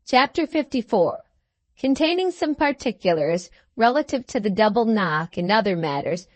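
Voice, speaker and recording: A woman narrating a classic novel as an audiobook, reading in an even, measured way. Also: fairly high pitch, dry recording. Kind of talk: scripted narration.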